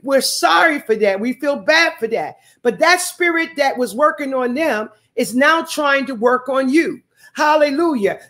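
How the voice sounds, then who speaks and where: A woman preacher giving a sermon, repeating phrases and calling out hallelujahs to the congregation. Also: high voice.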